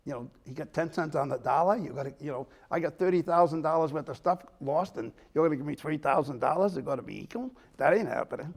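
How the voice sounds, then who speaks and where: A man's voice: a little high, quick pace, creaky, few pauses. An older man, a talk show host rambling through a long story and acting out the people in it. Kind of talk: casual storytelling chat.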